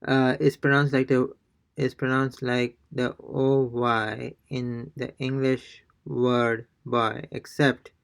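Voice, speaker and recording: A man teaching an online pronunciation lesson, explaining slowly from his notes with many pauses and restarts. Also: medium pitch, level tone, creaky, smooth. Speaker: Spanish teacher.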